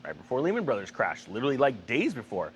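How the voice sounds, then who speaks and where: A man's voice: medium pitch, huge pitch swings, fast, slight background noise. A man hosting a finance commentary vlog, talking emphatically and sarcastically with rambling asides. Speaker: finance channel host.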